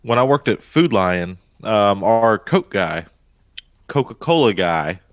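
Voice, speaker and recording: Man, 30s, from north carolina, lively swooping pitch, profane chat, dry close mic. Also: slow pace, no echo. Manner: lively and profane, bursting into high-pitched exclamations. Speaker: podcast co-host. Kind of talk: casual chat.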